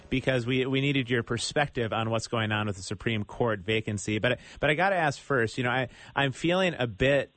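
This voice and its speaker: A man's voice: medium pitch, a bit bright, no room sound. Chatty male morning radio host. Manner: friendly, chatty, plugs upcoming segments.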